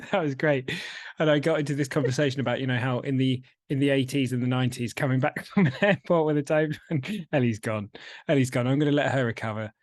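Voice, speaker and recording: A man's voice: mid-range voice, fast talker. A man co-hosting a podcast and working as a coach, chatting casually, joking and reflecting.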